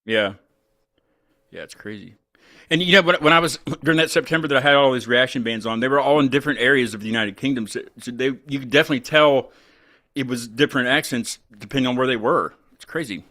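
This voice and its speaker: A man's voice: mid-range voice, fast talker, pushed and bright, dry recording, studio quality. A man from West Virginia hosting a live show, chatting casually and laughing often. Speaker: show host.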